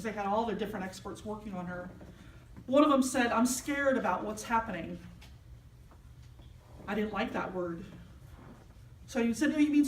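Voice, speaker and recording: A woman's voice: medium pitch, a little hiss or hum. A woman minister giving a sermon, telling a personal story and acting out the voices of the people in it. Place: church sanctuary. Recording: echoey hall, mic at a distance.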